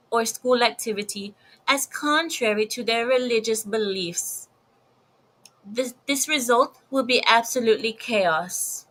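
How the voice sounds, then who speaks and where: A woman voicing an older woman judge with a put-on Spanish accent, reading out a formal statement in a measured way. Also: fairly high pitch, pushed and bright, exaggerated voice, low-quality recording.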